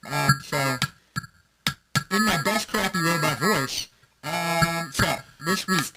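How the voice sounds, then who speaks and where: A man's voice: fairly high pitch, animated, takes it slowly, long pauses, over loud music, rough recording. A man co-hosting a casual beer podcast, joking and running himself down. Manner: jokey, self-deprecating banter. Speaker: podcast co-host.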